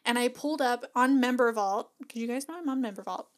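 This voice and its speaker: At a fairly high pitch and a slightly fast pace, a woman hosts her own podcast. The business coach keeps things casual, chatty and encouraging with frequent laughter, recording on a podcast mic hooked to an audio box.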